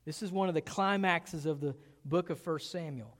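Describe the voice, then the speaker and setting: Preaching a sermon, this pastor has a fairly high voice with a fairly bright tone and a moderate pace. He poses rhetorical questions and stresses his key words heavily, his voice echoing with the long reverb of a large church hall.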